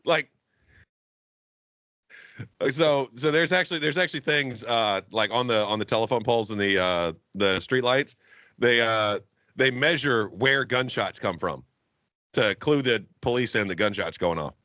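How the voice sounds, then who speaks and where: A man's voice: medium pitch, measured pace, no echo, dull audio. A man co-hosting a casual comedy podcast, telling rambling, profane stories and acting out the people in them. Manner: profane, rambling storyteller with animated quoted voices. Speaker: podcast co-host. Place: Jacksonville, Florida.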